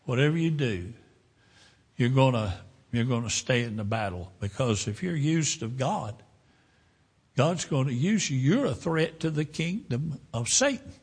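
Gravelly-voiced preacher in his seventies. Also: mid-range voice, lively intonation. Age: 70s. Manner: folksy storytelling, drawn-out pauses. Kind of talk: sermon with a personal story.

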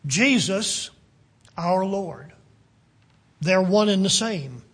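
Male preacher, higher voice, unhurried and earnest, sinking to near-whispers for emphasis. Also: animated, fairly bright tone, breathy edge. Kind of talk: sermon.

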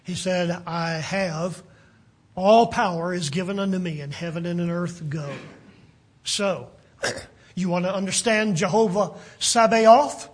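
Male preacher, higher voice, unhurried and earnest, sinking to near-whispers for emphasis. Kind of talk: sermon.

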